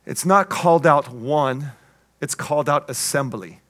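A man's voice: fairly high pitch, measured pace, a bit bright. A man preaching a sermon as pastor, emphatic, with call-and-response asides and playful jokes.

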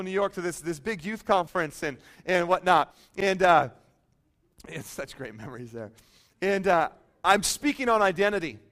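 A man's voice: high-pitched, a bit bright. A middle-aged male pastor telling a humorous, self-deprecating story in a sermon, chatty and full of fillers.

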